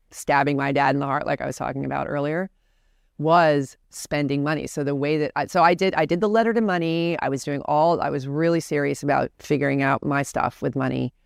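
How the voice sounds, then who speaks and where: Female guest, gravelly texture, earnest storyteller, dry close recording. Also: rumbling low, dry recording. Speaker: podcast guest. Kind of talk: candid personal storytelling.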